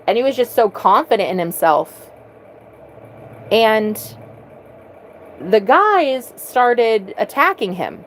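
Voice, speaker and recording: A woman's voice: fairly high pitch, lively intonation, slow, pauses often, fairly bright tone, a little hiss or hum, low-quality recording. A woman vlogger telling a personal story earnestly, often repeating words as she restarts.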